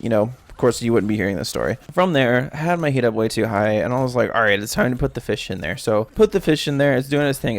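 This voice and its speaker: A young man narrating a personal story in a casual vlog, swearing a lot and breaking into panicked shouts while he acts out the memory. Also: mid-range voice. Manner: swearing, screams in acted-out panic. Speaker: storytelling vlogger.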